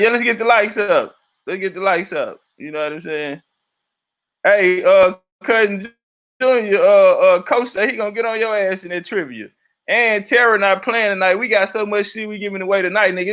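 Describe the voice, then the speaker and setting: Male livestream host, profane rambler, reads the chat aloud, high and bright.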